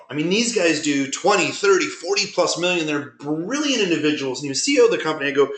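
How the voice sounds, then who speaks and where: A man presenting a webinar, telling business stories in an animated way and acting out conversations he had. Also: fairly high pitch, fast, few pauses. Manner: animated, retells conversations with quoted dialogue. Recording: roomy echo.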